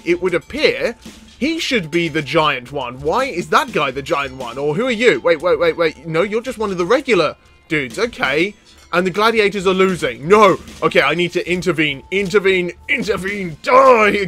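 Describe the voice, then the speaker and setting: Excitable high-voiced man gaming. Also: no room sound. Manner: excitable, laughing, shouting at enemies. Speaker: gaming YouTuber. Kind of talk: let's play commentary.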